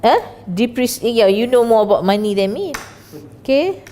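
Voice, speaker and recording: A woman teaching an English class, lively and questioning, explaining words and their pronunciation. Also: on the high side, moderate pace, a little hiss or hum.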